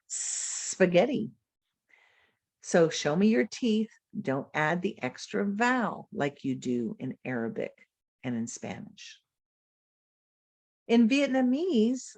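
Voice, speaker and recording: A woman literacy educator presenting a webinar lecture over a video call, modelling speech sounds aloud slowly and deliberately. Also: mid-range voice, darkish tone, no room sound.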